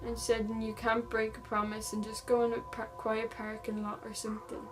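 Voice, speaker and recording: A woman's voice: a little high, monotone, a little fast, over music, poor audio. A young woman vlogger casually retelling a true-crime story, reading text messages aloud with lots of "like" fillers.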